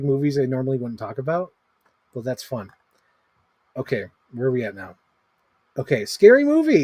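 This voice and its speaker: A man's voice: on the high side, a little mellow, no room sound. Guy in his 30s ranking movies on a stream, rambly and sweary, says like a lot, dry close sound. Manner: rambling, swears freely, lots of fillers like "like". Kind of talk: casual livestream commentary.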